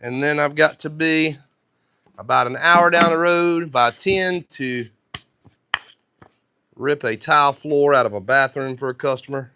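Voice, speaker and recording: A man's voice: a little high, unhurried, long pauses, sharp tone, clear, resonant tone. A man with a thick North Carolina accent and a sore throat, chatting casually on a live stream while he works in his workshop and answers viewers' comments. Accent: thick North Carolina Southern.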